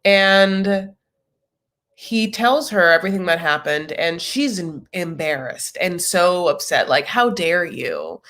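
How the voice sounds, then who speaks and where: A woman's voice: fairly low pitch, takes it slowly, a bit bright. A woman hosting a casual live reaction chat, chatty and sassy, tossing out jokes and asides as she recaps. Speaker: recap show host.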